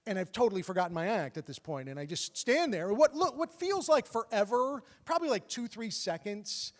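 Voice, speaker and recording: A man telling a true personal story on stage with comic timing and animated bursts. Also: high voice, a little fast. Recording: long hall reverb.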